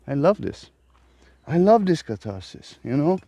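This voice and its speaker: A man ranting in a profane, exasperated monologue for his self-help vlog. His pitch sits a little high and swings widely. The tone is mellow and the sound is close and dry. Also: no echo. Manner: profane, emphatic, exasperated rant.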